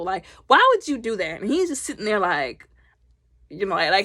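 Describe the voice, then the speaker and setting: A woman recapping a movie in a loud, chatty, slangy way. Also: medium pitch, very animated, normal speed, no echo, studio quality. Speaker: movie reviewer.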